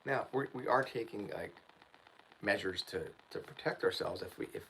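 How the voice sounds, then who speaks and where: A man's voice: lowish voice, moderate pace, creaky, bright, forceful tone, a little hiss or hum, low-quality recording. A man hosting his channel, telling a story in a casual livestream chat, ranting and often saying "dude" and "man". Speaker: channel host.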